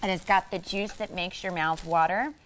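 A woman's voice: on the low side, fairly even intonation, moderate pace, a bit bright, slight background noise. A woman hosting a live shopping channel, talking in a bubbly, upbeat selling patter. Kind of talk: live home shopping presentation.

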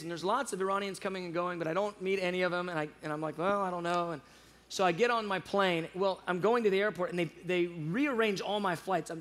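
A man telling a personal faith story in casual chat, animated and acting out the dialogue, with frequent restarts. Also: high voice. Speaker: guest speaker on prayer show.

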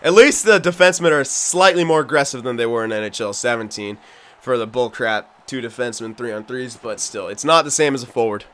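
A young man giving live commentary on his own video game, excitable and frustrated, swearing and shouting at his teammates. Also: medium pitch, fairly quick. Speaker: gaming video host.

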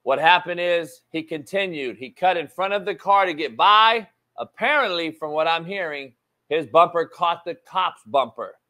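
A male sports talk host speaks with a slightly higher-than-usual voice, live on his show. He delivers the news in an animated, emphatic rush, drops casual swear words and repeats his key points to drive them home. His tone is loose, off-the-cuff commentary rather than scripted reading.

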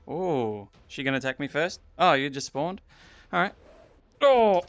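A man giving excitable VR gameplay commentary, gasping and exclaiming as he plays into a headset mic. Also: fairly high pitch, a little slow, slight background noise. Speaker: gaming YouTuber.

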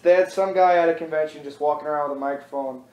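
A man's voice: fairly high pitch, fairly even intonation, fast, muffled recording. A young man co-hosting a podcast, telling rambling stories in a casual chat and laughing often. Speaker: podcast co-host. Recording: echoey room.

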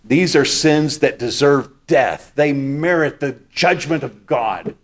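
A man's voice: on the high side, takes it slowly. A man preaching a sermon as pastor. He explains scripture step by step and repeats key words for emphasis.

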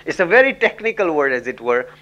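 A man's voice: fairly high pitch, big pitch swings, fast talker, fairly bright tone, dull audio. Chatty Indian-accented male lecturer. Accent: Indian English. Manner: chatty storyteller, frequent "you know", chuckles. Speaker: professor giving a lecture. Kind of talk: lecture with anecdotes.

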